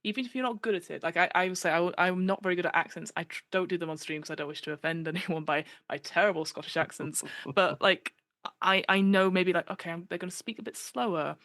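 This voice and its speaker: A woman guest on a podcast chatting casually, animated and given to acting out the voices she quotes, with plenty of fillers. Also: lowish voice, quick pace, hardly any pauses, no room sound.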